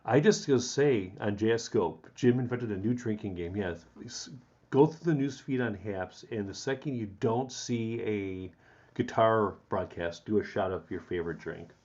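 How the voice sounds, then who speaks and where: A man's voice: on the low side, normal speed, a little mellow. A man hosting a casual live stream, rambling and chuckling as he talks to viewers by name and rants about the news. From Chicago area. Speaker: livestream host. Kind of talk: casual live chat, ranting. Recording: dull lo-fi stream audio.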